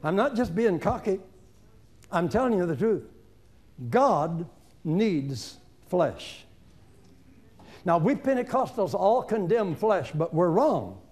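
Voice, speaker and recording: A man's voice: sits high, big pitch swings, normal speed, a little mellow. A man in his seventies, an evangelist giving an informal seminar sermon in a folksy, emphatic, conversational way, talking straight to his listeners. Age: 70s. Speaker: evangelist preacher.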